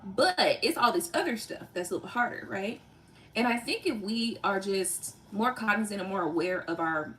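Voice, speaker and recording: A woman's voice: mid-range voice, fairly bright tone, slight background noise. A woman hosting a tarot livestream, talking casually and bluntly to viewers, laughing often, swearing freely and tagging sentences with "right?". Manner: repeats "right?" and "you know" constantly. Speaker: tarot reader and livestream host.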